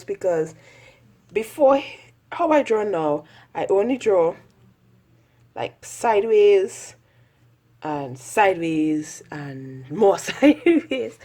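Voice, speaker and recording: A woman's voice: mid-range voice, darkish tone, slightly rough. A woman chatting casually through a sketchbook tour, rambling and self-mocking, often laughing at her own drawings. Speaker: artist vlogger.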